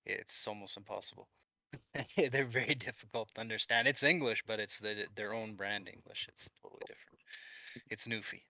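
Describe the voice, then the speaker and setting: A man's voice: fairly low pitch, moderate pace, creaky, pushed and bright, no room sound. A man from Quebec chatting casually as co-host on a livestream, easygoing, with fillers and chuckles. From Quebec, Canada.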